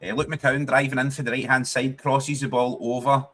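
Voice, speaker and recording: Scottish guy doing a footy watchalong stream, banters with chat, swears loads, keeps laughing, mid-pitched voice. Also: little pitch movement, fairly quick, a bit bright. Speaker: streamer hosting a football watchalong. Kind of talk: casual live-stream commentary and chat.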